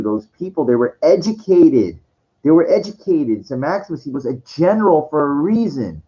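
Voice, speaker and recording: Rambling, profane man on a dull recording. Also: mid-range voice. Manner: rambling, profane, many restarts and fillers. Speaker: vlogger. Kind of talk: rambling monologue.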